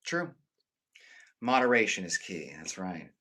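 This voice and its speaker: A man chatting casually with viewers on a live stream. He rambles and swears freely, restarting his sentences, and swings between emphatic bursts and low muttered asides. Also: very animated, a little slow, bright, forceful tone.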